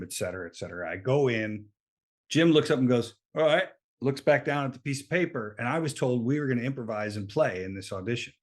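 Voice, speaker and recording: A middle-aged man, an actor and comedian guest on a podcast, telling stories in casual chat and acting out the lines of people he quotes. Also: on the low side. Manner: animated storyteller who acts out quoted lines.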